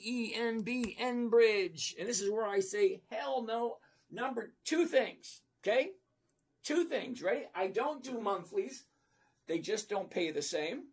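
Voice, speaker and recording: Blunt, husky stock-chat host. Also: medium pitch, expressive, unhurried. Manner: blunt and playful, with emphatic repetition. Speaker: stock trading livestream host. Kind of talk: casual livestream chat reading viewer comments.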